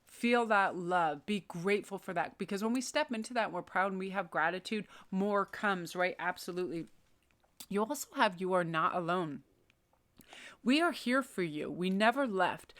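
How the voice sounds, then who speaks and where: A woman's voice: mid-range voice, a bit bright. A woman doing a pick-a-card tarot reading, speaking encouragingly and directly to the viewer. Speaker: tarot reader.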